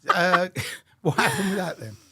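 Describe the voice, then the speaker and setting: A woman's voice: lowish voice, animated, a little slow, pushed and bright, slightly rough, dry recording, studio quality. A woman hosting a podcast, asking short questions and laughing along in a casual interview. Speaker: podcast host.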